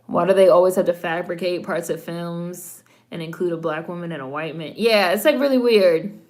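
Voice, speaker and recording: A woman's voice: lowish voice, moderate pace, a little mellow. Blunt woman reacting to a film. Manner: blunt, profane, talks back at the screen. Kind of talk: casual watch-along commentary.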